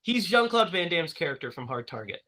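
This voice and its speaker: A man hosting a casual movie chat over a video call. His voice is bright and forward, and his pitch moves a lot as he jokes and laughs. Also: brisk. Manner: lively, laughs often. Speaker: podcast host.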